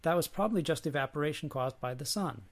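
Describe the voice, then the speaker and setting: A smug, sharp-tongued prophet who snaps out each line in a raised voice. A man voices him while reading aloud. He sounds curt and scornful of the gods. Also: on the high side, animated, fast talker. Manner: snappish, curt.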